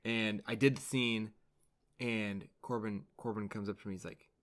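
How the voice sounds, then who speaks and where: A man's voice: on the low side, steady tone, moderate pace. A young man co-hosting a podcast in casual chat, rambling with many fillers and restarts. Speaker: podcast co-host.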